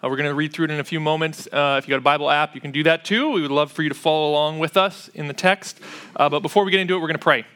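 A man's voice: fairly high pitch, racing, a bit bright, clean tone. A man preaching a sermon in a church, conversational and sprinkled with "uh" fillers. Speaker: pastor.

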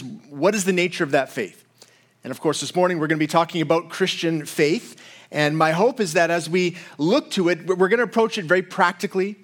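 A man preaching a sermon as pastor, talking conversationally and checking in with his listeners. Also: on the high side.

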